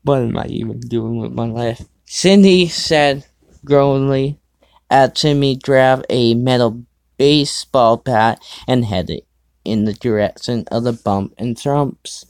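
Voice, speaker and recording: A man's voice: mid-range voice, slow pace, creaky, dry recording, clean studio sound. A man hosting his own show, casually reading fan fiction aloud, stumbling over the text and breaking off for sarcastic asides. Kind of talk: casual dramatic reading with commentary.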